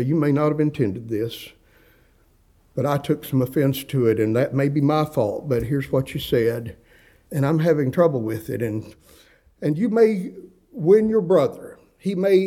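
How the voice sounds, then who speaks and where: A man's voice: a little high, dark tone. A middle-aged man preaching a sermon in a folksy, conversational way, with humorous asides. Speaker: pastor.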